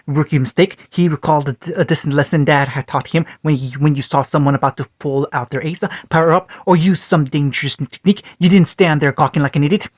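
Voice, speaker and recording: A man's voice: fairly high pitch, no echo. A man reading a fan fiction story aloud, often stumbling and restarting words.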